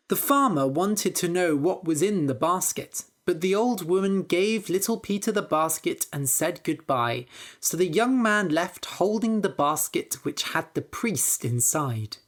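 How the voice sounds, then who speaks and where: A woman narrating a simple story for English learners, clear and deliberate. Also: lowish voice, lively intonation. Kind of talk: slow scripted story narration.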